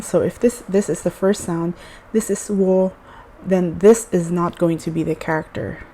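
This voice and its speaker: A woman explains things in a relaxed, casual lesson at a writing board, pausing and restarting as she goes. Her voice is mellow and lowish, and she takes her time. A faint room hum sits behind her. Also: low-quality recording. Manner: unhurried, hesitant, many fillers and restarts. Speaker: language teacher.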